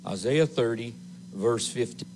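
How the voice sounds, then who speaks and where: A man preaching a sermon as assistant pastor in a church, slow and emphatic, with repeated phrases and pauses. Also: medium pitch, a little mellow, slight background noise, low-quality recording. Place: church sanctuary.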